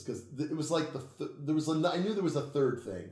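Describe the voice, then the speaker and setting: A man, an occult author, telling stories in a casual interview, swearing freely and getting animated. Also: on the high side, a little fast, hardly any pauses, roomy sound. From United States. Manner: profane, animated storytelling, laughs at own tales.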